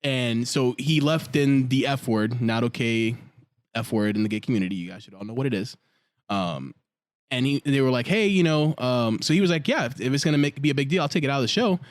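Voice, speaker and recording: A man's voice: medium pitch, a little fast, no room sound, studio quality. A man co-hosting a casual podcast chat, telling stories and acting out quoted lines as he goes. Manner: animated storyteller, acts out quotes. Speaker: podcast co-host.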